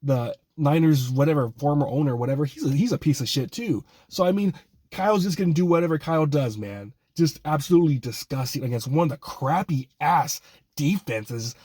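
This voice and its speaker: A man's voice: fairly high pitch, animated, brisk, mellow, husky, dry recording. A young man angrily ranting about his football team, swearing and exasperated, repeatedly apologizing for getting worked up. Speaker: fan channel host. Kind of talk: angry sports rant.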